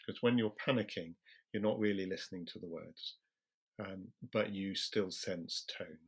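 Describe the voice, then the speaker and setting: A British man, a general practitioner, explaining things in a calm, measured way during an interview and slowing his speech on purpose. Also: low-pitched, husky. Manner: calm, measured, slows deliberately for emphasis.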